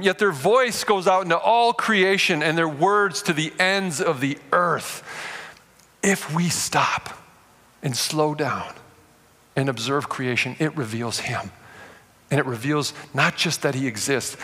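Animated man preaching in a hall. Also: high-pitched. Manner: storytelling, animated, addresses the audience directly. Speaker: pastor. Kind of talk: sermon. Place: large room before a live audience. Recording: long reverb of a large hall.

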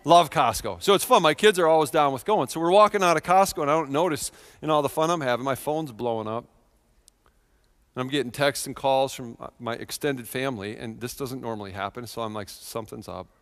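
A man in his thirties preaching a sermon in a church, telling a personal story with earnest feeling and swings from quiet to loud. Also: medium pitch, brisk, in a large hall. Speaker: pastor.

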